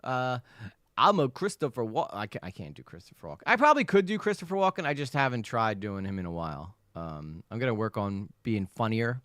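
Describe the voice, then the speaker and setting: A man chats casually with his livestream audience, repeating himself and greeting viewers one by one. His voice is smooth and resonant, with lots of lively movement in pitch. The sound is close and dry, with no room echo. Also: brisk. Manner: animated, repeats himself, reads chat aloud. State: recovering from illness. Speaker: livestream host.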